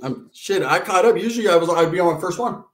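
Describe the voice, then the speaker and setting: A middle-aged podcast co-host with a high-sitting voice tells loose, profane neighborhood stories in a casual chat, laughing as he goes. He speaks fast and animatedly in an echoey room.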